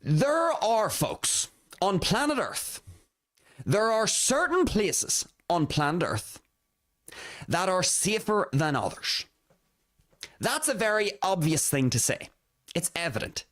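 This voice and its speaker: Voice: mid-range voice, very animated, slow, long pauses, fairly bright tone. A podcast host doing solo news commentary, reading a summary aloud and adding exclamations and asides. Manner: laughs between serious remarks.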